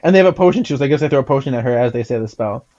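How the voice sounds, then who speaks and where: A man co-hosting a podcast in casual chat, giggly and animated, reading comic pages aloud. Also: medium pitch, racing, highs cut off. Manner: giggly, animated, acts out lines in silly voices. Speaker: podcast co-host.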